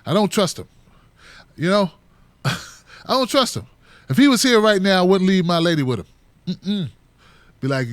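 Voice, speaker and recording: A middle-aged man talks through a relaxed solo commentary with a fairly high voice. His delivery is loose and joking, and he keeps slipping into mock voices of other people. The sound is close and dry. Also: normal speed, pauses often, no echo. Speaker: political commentary host.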